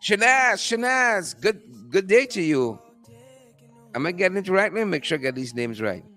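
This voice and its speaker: A man with a Guyanese accent hosting a live stream from outdoors, repeating upbeat shout-outs to his viewers by name. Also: high voice, very animated, moderate pace, faint music behind. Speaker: host.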